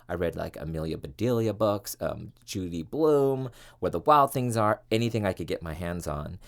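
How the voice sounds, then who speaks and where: Podcast host, male, deep-voiced, earnest and reflective, fillers, personal monologue. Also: expressive, moderate pace, creaky. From California, US. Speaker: podcast host, former TV reporter.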